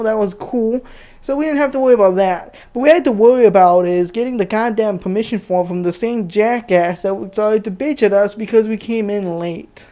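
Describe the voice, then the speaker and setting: A man's voice: high voice, warm tone. Young man ranting with crude swearing. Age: young adult. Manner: crude, heated, swearing, rambling with many fillers. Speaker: channel host telling a personal story. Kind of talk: profane storytime rant.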